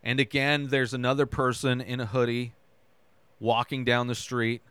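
A man's voice: medium pitch, little pitch movement, normal speed, fairly bright tone, smooth, no room sound. A man hosting a podcast, casually retelling a TV episode scene by scene, tossing in "right?" and loose quoted dialogue. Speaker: podcast host recapping a TV episode. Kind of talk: casual recap.

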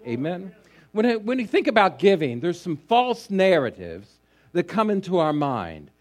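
A man preaching a sermon, reading scripture and then telling a long story in an unhurried way, often pausing on fillers and restarts, his voice trailing low at the ends of phrases. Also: huge pitch swings. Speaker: pastor.

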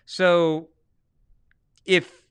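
A man's voice: high voice, extremely slow, clean tone. A man with a Southern US accent, co-hosting a podcast in casual debate, talking emphatically with frequent restarts. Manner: emphatic, restarts often, lively swings in loudness. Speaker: podcast co-host.

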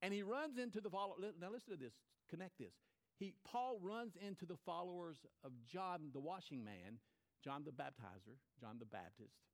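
A man's voice: high voice, lively intonation, moderate pace. A man preaching a sermon, retelling a story with repeated phrases and acted-out quotes. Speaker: pastor.

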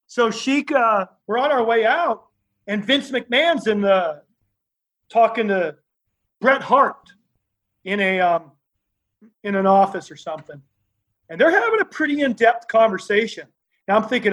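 High-voiced man telling animated stories. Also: unhurried, pauses often, poor audio. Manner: lively, acts out the other people in his stories. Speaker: guest telling wrestling stories. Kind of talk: animated anecdotal storytelling.

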